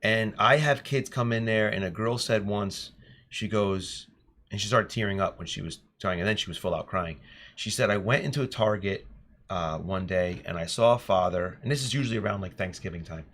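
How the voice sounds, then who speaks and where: A man and teacher telling classroom stories in an earnest, animated podcast chat. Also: on the low side, normal speed. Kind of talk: casual storytelling chat.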